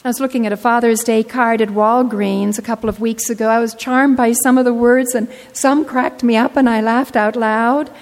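An older woman pastor preaching a sermon, telling stories earnestly and slowing down to stress her points. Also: a little high, steady tone, a little mellow. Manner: earnest storytelling, slowing for emphasis. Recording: long reverb of a large hall.

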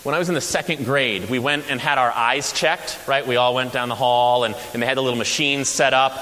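A man's voice: mid-range voice, fairly quick. A man preaching a sermon as pastor, telling stories with humor and energy. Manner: animated storytelling with humor. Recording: echoey hall with faint hiss.

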